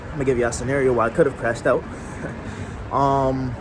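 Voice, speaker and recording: A man's voice: mid-range voice, level tone, fairly quick, background noise. A man telling a casual story to camera, slangy and rambling, often restarting his sentences. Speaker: vlogger.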